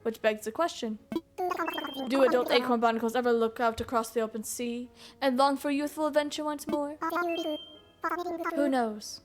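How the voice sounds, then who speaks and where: A woman's voice: fairly high pitch, steady tone, soft background music, close to an everyday voice. A woman voicing a pompous, scholarly male owl museum curator from a video game, lecturing with a vague put-on Irish-sounding lilt. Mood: musing. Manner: lecturing, grandly drawn-out storytelling. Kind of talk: reading game dialogue aloud in character.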